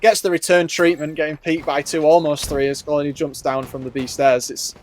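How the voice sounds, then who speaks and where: Northern English male analyst, relaxed and analytical, a touch high-pitched. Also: brisk, a little hiss or hum. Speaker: esports color commentator. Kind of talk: live esports analysis.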